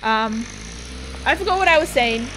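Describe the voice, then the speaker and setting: A young Australian woman with a high, bright voice chats bubbly and scattered with her viewers during a game stream, full of filler words and giggles. Soft game music plays faintly behind her. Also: animated, moderate pace. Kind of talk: casual livestream chat, reading viewer comments.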